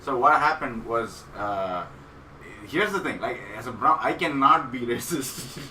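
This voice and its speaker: A man's voice: medium pitch, lively intonation, a little slow, pushed and bright, echoey room, distant mic, slight background noise, low-quality recording. A man co-hosting a casual podcast, telling a long stand-up story with many fillers and laughs. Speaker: podcast co-host, comedian.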